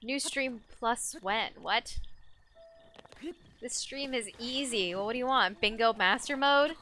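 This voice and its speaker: Chatty bright-voiced young woman streamer. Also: on the high side, measured pace, slight background noise. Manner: chatty and playful, laughs often, talks to chat. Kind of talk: live game stream chat. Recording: faint game music behind.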